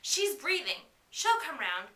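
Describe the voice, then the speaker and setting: A woman's voice: high voice, sing-song, unhurried, bright, forceful tone, distant mic, exaggerated voice. A woman voicing an anxious, protective teenage boy, urging and pleading, recorded in an echoey room away from the mic. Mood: worried. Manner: urgent, pleading.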